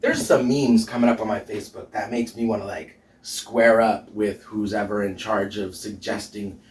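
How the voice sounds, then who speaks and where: In his home kitchen, a man in drag hosts a cooking show, his lowish voice steady and moderately paced. He's chatty and sassy, laughing frequently, though he sits far from the mic in an echoey room.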